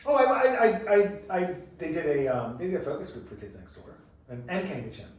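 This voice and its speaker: A man chatting casually as a guest, halting and repeating words as he recalls things. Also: fairly high pitch, wildly swooping pitch, a little mellow, a little hiss or hum. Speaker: cartoon creator guest. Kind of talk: casual chat. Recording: echoey room, mic far off.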